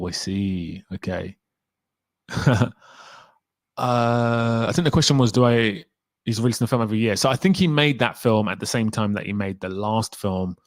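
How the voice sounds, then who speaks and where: A man with a fairly low voice chats casually on a livestream, answering questions from his audience. He rambles a little and laughs easily. The sound is close and dry. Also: no echo. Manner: relaxed, rambling, laughs often. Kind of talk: casual chat.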